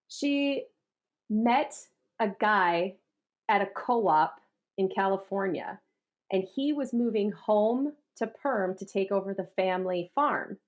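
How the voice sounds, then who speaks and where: A woman from rural Minnesota, a guest in a conversation, telling stories lively and acting out the voices of the people she quotes. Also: mid-range voice, slow pace. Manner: animated storyteller who acts out quoted voices and laughs often. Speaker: guest, artist and rural advocate. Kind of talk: casual conversation.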